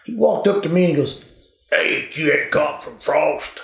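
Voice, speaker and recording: A man's voice: fairly high pitch, expressive, normal speed, vocal fry. Folksy older man telling stories. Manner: folksy, drawling, addresses listeners as folks. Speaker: retired police officer and Elvis performer. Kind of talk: casual storytelling. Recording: echoey room.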